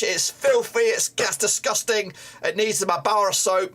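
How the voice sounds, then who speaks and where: A man reacting live to his team's match as a fan streamer, excitable, swearing often and yelling at the players. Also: sits high, normal speed, hardly any pauses, slight background noise.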